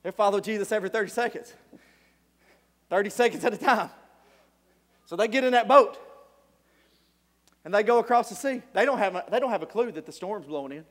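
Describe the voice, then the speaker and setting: A preacher gives an animated sermon, telling stories punctuated by sudden shouts and frequent chuckles, his voice very high for a man. He speaks fairly quickly with long pauses, and the long reverb of a large hall rings around him.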